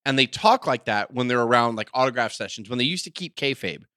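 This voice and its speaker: A man hosting a podcast, telling a story in casual chat, animated and swearing freely. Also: medium pitch, quick pace, dry recording, clean studio sound. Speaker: podcast host.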